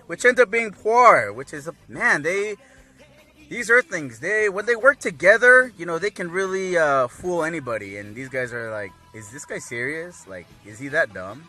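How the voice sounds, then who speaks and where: A man's voice: fairly high pitch, normal speed. A man casually recapping an anime episode, rambling with lots of fillers. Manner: rambling, filler-heavy, animated.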